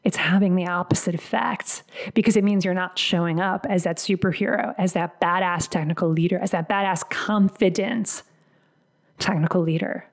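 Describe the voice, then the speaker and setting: A woman's voice: lowish voice, steady tone, normal speed. A woman career coach delivering a motivational podcast monologue, emphatic and fond of repeating phrases for punch.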